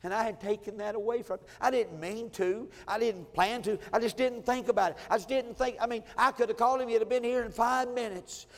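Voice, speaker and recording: A man's voice: sits high, big-room sound. A man, a pastor telling a personal story in a sermon with heartfelt, emotional repetition. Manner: heartfelt, emotional telling with many repeated phrases. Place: church sanctuary.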